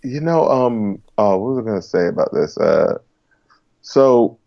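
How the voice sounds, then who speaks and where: A man's voice: fairly low pitch, sing-song, measured pace, gravelly, mellow, no room sound, muffled recording. A man co-hosting a stream, rambling through casual chat and mimicking people. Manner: rambling, laughing, mimics others.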